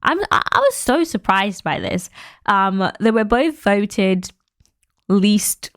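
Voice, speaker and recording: A woman's voice: mid-range voice, animated, takes it slowly, a bit bright, no room sound, clean studio sound. A young woman hosting a podcast, giving frank, opinionated commentary in a chatty way, laughing often and using lots of fillers. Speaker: podcast host.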